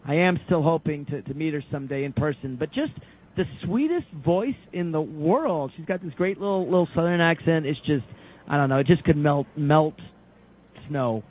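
A man co-hosting casual radio talk, effusive and quick to laugh. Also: a little high. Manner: effusive, warm praise, laughs easily. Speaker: co-host. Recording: tinny phone line.

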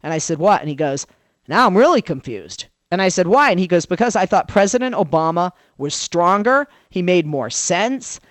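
Animated woman telling a story on talk radio. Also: fairly low pitch, brisk, few pauses, no room sound. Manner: animated storyteller who acts out quoted dialogue. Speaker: political commentator, radio guest. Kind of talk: lively talk-radio commentary.

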